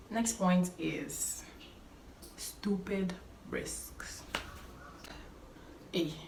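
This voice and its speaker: A woman's voice: lowish voice, moderate pace, a little mellow. Earnest young woman, roomy echo. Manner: earnest and emphatic, repeats key phrases. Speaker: vlogger giving life advice. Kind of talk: casual talking-to-camera advice. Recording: roomy echo, faint background noise.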